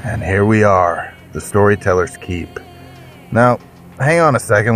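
A man's voice: low-pitched, normal speed. A man hosting a fiction podcast, with a playful, theatrical manner and mock-grand fantasy banter. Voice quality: theatrical, jokey, mock-grand self-introduction. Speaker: podcast host.

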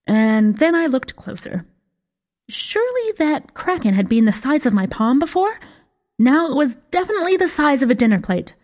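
A woman's voice: fairly high pitch, lively intonation, moderate pace, a little mellow. A woman reading a first-person fantasy story aloud with a wry, dry humor. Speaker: story reader. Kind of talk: scripted fiction narration.

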